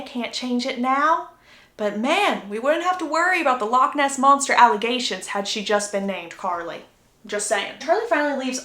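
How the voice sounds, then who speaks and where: A woman's voice: a little high, fairly bright tone. A young woman giving a casual plot recap of a book series, with chatty, wry asides. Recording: roomy echo.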